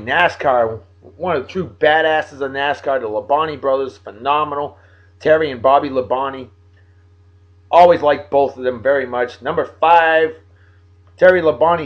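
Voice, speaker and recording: A man hosting a daily video show, reading out shout-outs to viewers in a jovial, folksy way with lively swings in his voice. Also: muffled recording. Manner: jovial, folksy, animated, big pitch swings. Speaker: host of a daily beer and song video show. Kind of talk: casual shout-outs monologue.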